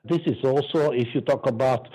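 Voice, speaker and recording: An older man from Belgium, telling anecdotes as an interview guest in a lively way and acting out the people he quotes. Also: mid-range voice, fairly quick, low-quality recording. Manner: lively, acts out quoted voices, laughs often. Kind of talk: animated anecdotal storytelling.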